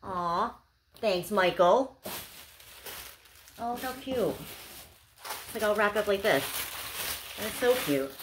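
A woman's voice: mid-range voice, slow, pauses often, noisy background. A young woman chatting casually to camera as she unboxes gifts, gushing and bubbly, with lots of "like"s. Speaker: unboxing vlogger.

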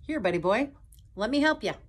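A woman voicing an excitable, brash male tiger in a loud, punchy voice for a storybook reading. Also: on the high side, brisk, voice pushed up. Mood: curious.

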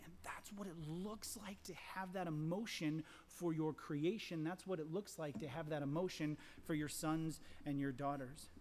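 A middle-aged man preaching a sermon as pastor, impassioned, repeating phrases, swinging from loud emphasis to hushed whispers. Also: on the high side, moderate pace, hardly any pauses. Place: large church sanctuary. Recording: long church reverb.

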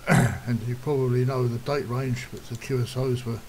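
A man with a mid-range voice talks a viewer through a software task one step at a time. His delivery is plain and unhurried, with the odd throat-clear. A faint hiss sits under the recording. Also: mid-range voice, steady tone, poor audio. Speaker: software tutorial presenter. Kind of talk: step-by-step screen tutorial.

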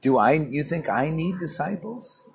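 A man's voice: fairly high pitch, animated, a little slow, vocal fry, darkish tone, a little hiss or hum. A man giving an informal morning spiritual class in a public place, talking in a brash, scolding way and calling his listener "man" again and again. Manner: brash, scolding, colloquial, keeps saying "man". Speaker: spiritual teacher.

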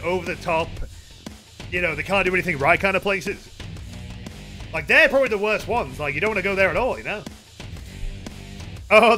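A man's voice: sits high, sharp tone. A man streaming a video game, chatting casually with viewers in a rambling way and swearing freely. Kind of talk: casual live-stream chat while gaming.

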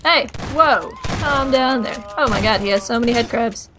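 A woman's voice: a little high, moderate pace, noisy background. A woman playing a co-op game with a friend, chatting casually and laughing easily. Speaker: co-op gaming partner. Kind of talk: casual co-op gameplay chat.

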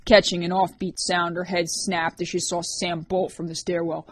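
A woman reads an audiobook aloud in a voice on the low side for a woman. She narrates at an even, steady pace and gives each character a voice of their own. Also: moderate pace.

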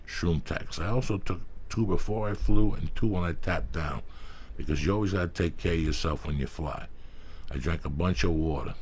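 Gravelly, profane podcast host man. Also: sits low, a little hiss or hum. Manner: loud, emphatic, swears freely. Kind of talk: profane, rambling ad reads.

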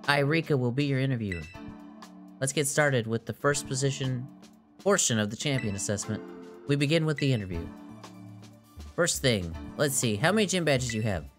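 A courteous, formal woman interviewer from a video game, read out by a man. She asks her questions politely, with an animated lilt, and faint game music plays behind her. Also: medium pitch, moderate pace, pauses often, natural voice.

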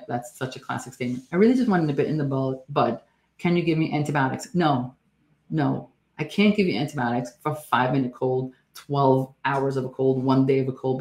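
A nurse practitioner giving a health education talk in a chatty, emphatic way, with joking asides. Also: mid-range voice. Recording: roomy echo.

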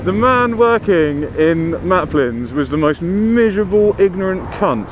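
A man's voice: sits high, big pitch swings, unhurried, muffled recording. A man filming himself while riding a motorbike through town, swearing and ranting at the traffic as he chats to the camera. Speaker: motorbike vlogger. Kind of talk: casual riding commentary. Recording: noisy wind and traffic.

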